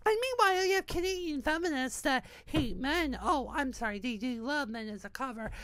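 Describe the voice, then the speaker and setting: A woman's voice: sits high, normal speed, fairly bright tone. A woman in her thirties, from New Hampshire, ranting bitterly in a rambling, profane monologue full of restarts. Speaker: online community founder.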